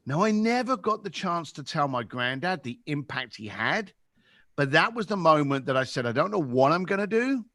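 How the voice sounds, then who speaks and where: A London-accented man in his fifties tells a story with great animation and slips into other people's voices. His voice is bright and swings widely in pitch. It is recorded dry and close. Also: moderate pace, no echo. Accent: London English. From England. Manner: lively, acts out voices in anecdotes. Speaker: podcast guest.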